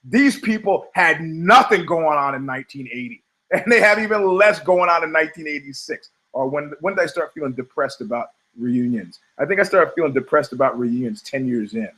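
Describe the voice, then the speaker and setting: Middle-aged male podcast host, slightly high-pitched, sardonic and profane, rambling comic storyteller. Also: expressive, a little fast, a bit bright, rough recording. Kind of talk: rambling comedic monologue.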